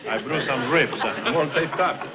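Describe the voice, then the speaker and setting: An actor playing a suave, polite film star with a Spanish accent, in 1950s sitcom style. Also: male voice, medium pitch, normal speed, lightly acted. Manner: polite, smooth, amused. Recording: muffled old TV soundtrack, heavy hiss.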